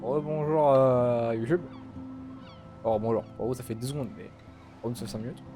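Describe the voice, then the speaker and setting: A man's voice: medium pitch, a little fast. A man hosting a let's play, talking in a casual, joking way into a USB studio mic. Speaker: gaming channel host. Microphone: USB studio microphone. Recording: game music playing behind.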